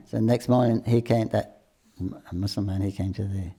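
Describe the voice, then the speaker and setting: An older man casually telling devotional stories, halting often with restarts, throat clearing and chuckles. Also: lowish voice, steady tone, mellow. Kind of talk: casual storytelling talk.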